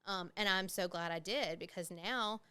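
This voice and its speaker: A woman's voice: lowish voice, moderate pace, sharp tone, clear, resonant tone. Candid, salty-talking woman. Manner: candid, swears freely, many fillers. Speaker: podcast host. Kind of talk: casual personal storytelling.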